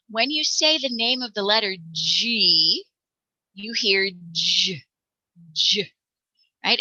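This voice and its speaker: American woman teacher, slow and patient, very bright tone, dry close sound. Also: mid-range voice, dry recording, low-quality recording. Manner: patient, demonstrates sounds aloud. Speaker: reading teacher. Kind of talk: explaining letter sounds to parents.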